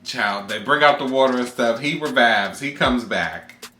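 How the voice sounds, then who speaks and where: A man co-hosting a storytime vlog, talking animatedly and yelping loudly when he reenacts moments. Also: mid-range voice, moderate pace, roomy sound, soft background music. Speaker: vlog co-host. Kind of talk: casual storytime chat.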